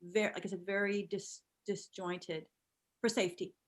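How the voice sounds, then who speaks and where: Brief: middle-aged actress guest, lively storyteller, average pitch, chatty interview. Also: female voice, a little slow. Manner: animated storyteller, acts out quotes. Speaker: guest actor. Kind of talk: casual interview chat.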